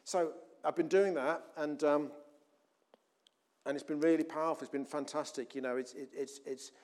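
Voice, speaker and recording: Male preacher, sermon, fairly high voice, chatty, loud and soft by turns. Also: fairly even intonation, normal speed. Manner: conversational, with many restarts and swings between loud emphasis and quiet asides.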